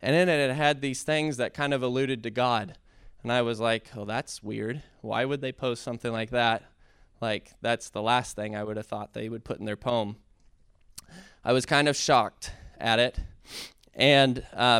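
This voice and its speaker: Male speaker, earnest church testimony; smooth, resonant tone, halting delivery that rises into passionate preaching, dry recording. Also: medium pitch, steady tone, fairly bright tone, no room sound. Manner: earnest, halting, with many fillers and restarts; builds to impassioned preaching. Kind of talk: heartfelt testimony sermon.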